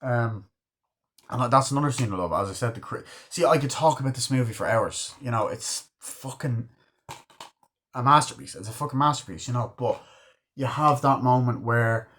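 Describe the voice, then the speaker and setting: A man's voice: mid-range voice, moderate pace, a bit bright. Man, casual film review, rambling and enthusiastic, swears a lot. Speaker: movie reviewer.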